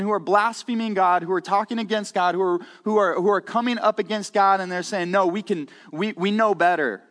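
A pastor delivers a conversational sermon in a church sanctuary, earnest and candid, often repeating words as he goes. His voice sits high and a little bright, with a long reverb tail.

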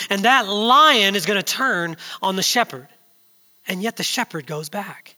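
A man in his thirties preaching a sermon, telling a story that builds from hushed to loud and urgent. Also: sits high, moderate pace, big-room sound.

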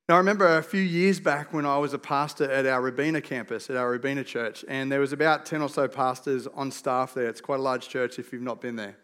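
Australian man preaching with lively humour. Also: mid-range voice, fairly quick, few pauses, smooth. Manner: lively storytelling, self-deprecating humour. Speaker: pastor. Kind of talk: conversational sermon.

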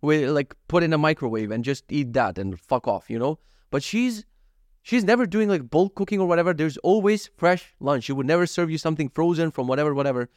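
A man's voice: on the high side, a little fast, no echo, studio quality. A man in his thirties telling stories from his day in a casual vlog, acting out his own thoughts and swearing freely. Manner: animated storytelling, frequent swearing, acts out his own thoughts. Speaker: vlogger. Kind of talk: casual daily vlog monologue.

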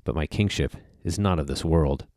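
A calm, solemn prisoner , read by a man, in a deep voice. The answers come slowly and gravely. The recording is close and dry. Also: dry recording.

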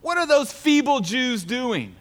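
A man's voice: very high-pitched, big pitch swings, a little slow, pitched above the performer's own voice, heavily acted. A man voicing a scornful ancient male governor who mocks his rivals in a jeering, sarcastic tone, within a sermon. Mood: mocking.

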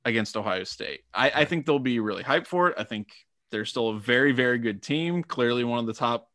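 A man co-hosting a sports podcast, breaking down the game in a measured, analytical way and thinking aloud. His pitch is ordinary for a man. The recording is close and dry, with no room sound. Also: lively intonation, fairly bright tone, dry recording. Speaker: podcast co-host.

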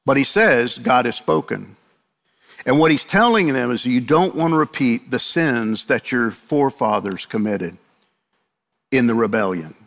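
A man's voice: mid-range voice, expressive, measured pace, gravelly, fairly bright tone. A male preacher delivering a sermon, driving points home with repeated phrases and rhetorical questions he answers himself. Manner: emphatic repetition and rhetorical questions. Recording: long hall reverb.

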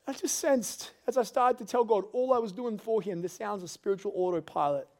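A middle-aged man preaching a sermon as pastor, earnest and confessional, rising to loud pleading. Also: high-pitched, normal speed. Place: church service.

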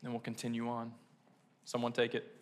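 A man's voice: medium pitch, monotone, fairly quick. A man preaching a sermon as pastor, telling a personal story casually and earnestly, full of fillers. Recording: long hall reverb.

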